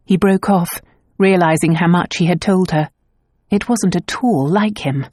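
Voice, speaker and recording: A woman reads a romance novel aloud in a measured storytelling manner. Her voice is on the low side for a woman. The recording is dry and close, with no room sound. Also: a little mellow, no room sound. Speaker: audiobook narrator. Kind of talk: scripted novel narration.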